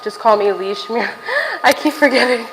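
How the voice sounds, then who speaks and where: A woman's voice: fairly high pitch, big pitch swings, moderate pace, a bit bright, in a large hall, a little hiss or hum, low-quality recording. Breathless young woman chatting from the gym. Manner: chatty, rambling, swears casually. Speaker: livestreamer. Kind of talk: casual livestream chat to viewers. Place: gym, on a stair machine.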